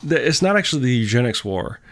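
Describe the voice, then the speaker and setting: Casting: male co-host, mid-pitched, dry jokester, casual chat. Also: big pitch swings, fast talker. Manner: wry, jokey, many short backchannels. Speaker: podcast co-host.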